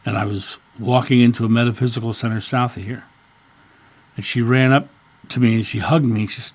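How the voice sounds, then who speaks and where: A man's voice: medium pitch, steady tone, a little fast, breathy edge. A man in his fifties, a channel host, earnestly telling a story in a casual monologue and often repeating words. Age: 50s.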